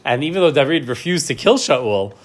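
A man's voice: medium pitch, lively intonation, brisk. A man teaching a class, reading Hebrew verses and explaining them in English, often checking in with "right?". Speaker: Torah teacher. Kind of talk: class lecture.

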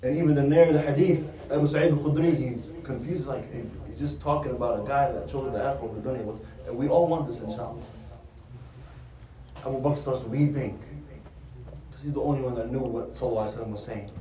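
Speaking quickly in a mellow, mid-range voice, a man teaches a religious lesson, retelling a story and answering rhetorical questions he raises himself. A distant mic gives the sound a roomy feel.

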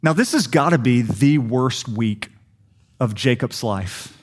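A young adult man preaching a sermon, telling a story with lively quick asides. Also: mid-range voice, breathy edge. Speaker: pastor.

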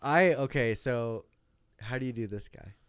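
A man hosting a podcast with a smooth, clear voice and a dry, close sound. He jokes, laughs and plays with the words in a relaxed, casual chat. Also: mid-range voice, measured pace, no echo. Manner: joking, laughing, playful mispronunciations. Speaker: podcast host.

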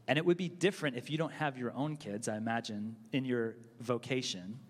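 A man who is a pastor, asking questions in an animated, preacherly way during a church interview. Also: mid-range voice, brisk, few pauses. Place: church auditorium. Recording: hall with long reverb.

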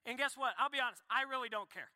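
Bright-voiced young pastor in a reverberant hall. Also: male voice, very high voice. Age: young adult. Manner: animated, conversational preaching with quick asides and self-corrections. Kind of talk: sermon.

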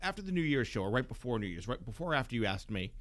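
A man, co-hosting a podcast, joking and teasing excitedly. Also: mid-range voice, very fast, no room sound. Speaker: podcast co-host. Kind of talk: casual podcast chat.

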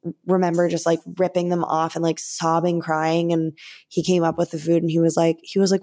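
A woman's voice: lowish voice, flat delivery, a little fast, darkish tone. A woman co-hosting a podcast, telling a personal story openly with many fillers. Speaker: podcast co-host. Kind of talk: casual chat.

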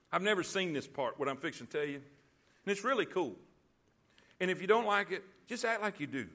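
A man preaching a sermon, calling on the congregation to repeat lines back and building to loud emphasis. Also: on the high side. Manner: call-and-response preaching, rising to loud emphasis. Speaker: pastor.

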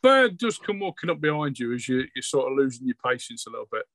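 Man as game master, rambling and stopping for ums, describing scenes to his players, dry close sound with no room echo, ordinary middle male pitch, tabletop role-play session. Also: sing-song, fast talker, a bit bright. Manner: rambling, hesitant narration with many ums.

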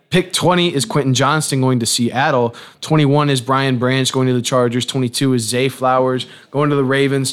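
Young man hosting a casual sports podcast. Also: medium pitch. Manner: relaxed, rattles through lists in a steady patter. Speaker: podcast host. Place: podcast booth.

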